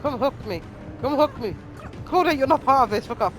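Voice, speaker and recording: A woman voicing a brash young female survivor who shouts crude insults and demands. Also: high-pitched, expressive, fairly quick, faint music behind, voice pushed up. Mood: demanding.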